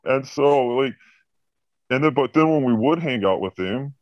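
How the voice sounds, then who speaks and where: A man's voice: mid-range voice, normal speed, dry recording, highs cut off. A man recounts workplace stories in a loose, chatty podcast. His talk is peppered with profanity and "like". The recording is close and dry, with no room sound. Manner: profane, animated anecdote telling. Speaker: podcast guest recounting a job. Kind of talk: casual storytelling chat.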